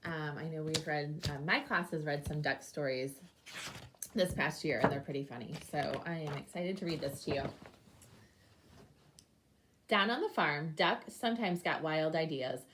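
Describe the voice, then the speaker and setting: A young woman teacher reading a picture book aloud to her class, with lively animal sounds. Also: low voice, normal speed, long pauses, background noise.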